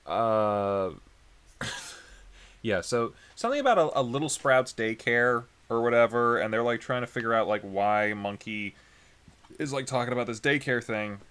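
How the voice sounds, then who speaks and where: A man chatting casually as a podcast co-host, his voice swooping up and down as he talks. He rambles, trips over his words and laughs often. His pitch sits in an ordinary middle range. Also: lively intonation, unhurried, fairly bright tone, smooth. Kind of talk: casual chat.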